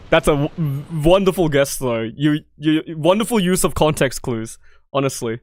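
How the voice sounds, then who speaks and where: A woman's voice: deep voice, animated, moderate pace, darkish tone, no room sound. Swearing Australian woman streaming a game. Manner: swearing, laughing, rambling banter. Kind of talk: casual game playthrough chat.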